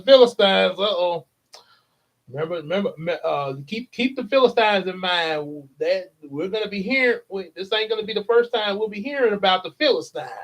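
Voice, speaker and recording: A man reading the Bible aloud and adding chatty, playful commentary between the verses. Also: high-pitched. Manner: chatty, playful asides, chuckles. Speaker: Bible reader for a church channel. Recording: dull lo-fi recording.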